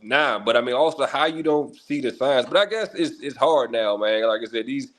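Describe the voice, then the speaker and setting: A podcast guest with a mid-pitched male voice talks in a relaxed, unhurried way. He hedges often, working through his thoughts aloud in casual chat. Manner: laid-back, hesitant, fillers like "I mean".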